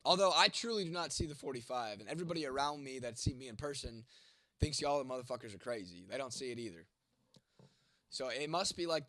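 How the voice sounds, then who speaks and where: With a cold clogging his nose and his voice giving out, a twenty-nine-year-old content creator answers chat on a late-night livestream at home, bluntly and with plenty of profanity. His voice is mid-range, with no room sound.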